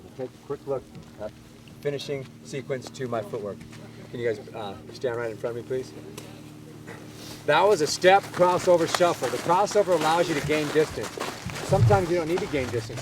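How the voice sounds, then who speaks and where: A man's voice: a little high, brisk, noisy background. Man barking baseball drill cues outdoors. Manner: energetic and commanding, barks short cues. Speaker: baseball infield coach. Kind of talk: on-field coaching, calling drill cues.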